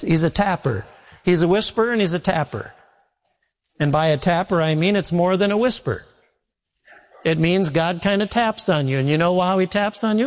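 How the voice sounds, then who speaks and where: A man delivers a sermon with a fairly high voice, stretching out words for emphasis. His folksy storytelling rings through the long reverb of a large hall. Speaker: pastor.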